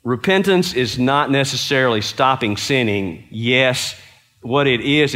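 Lively-voiced preacher man. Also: mid-range voice. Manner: earnest, storytelling, asks the audience questions. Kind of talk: conversational sermon.

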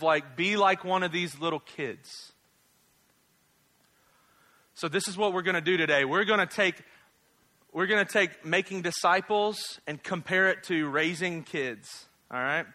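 A man's voice: high-pitched, sharp tone. A man, preaching a casual, humorous sermon as a pastor, full of jokes and tag questions. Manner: joking, conversational, rhetorical tag questions.

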